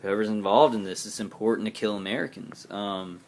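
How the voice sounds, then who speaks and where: A very low-voiced man records a vlog, addressing viewers straight on with fairly even intonation. His talk is rambling and halting yet consistently earnest, and a faint hiss runs beneath it.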